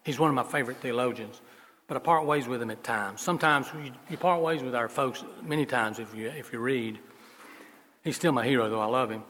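A man preaching a sermon as pastor, telling stories in a folksy way and moving between loud emphasis and soft asides. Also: mid-range voice, brisk, slight background noise. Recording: long reverb of a large hall.

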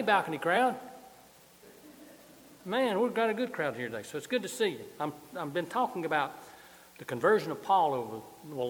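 A pastor preaches a sermon in a church sanctuary with a balcony, joking in a folksy way and moving around as he talks. His voice is on the high side and a bit bright, and the recording carries long church reverb.

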